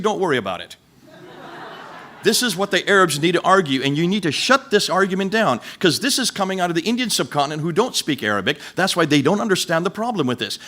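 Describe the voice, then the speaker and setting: Male lecturer, animated and emphatic, hits listeners with rhetorical questions. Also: sits high. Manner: speaks directly to listeners in the room. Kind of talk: lecture to a live audience.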